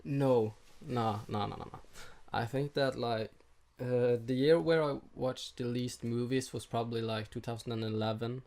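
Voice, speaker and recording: A man's voice: medium pitch, fairly even intonation, normal speed, hardly any pauses, a little mellow. A young man co-hosts a laid-back podcast. He swears freely and laughs often while he argues his points. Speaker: podcast co-host. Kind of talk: casual chat.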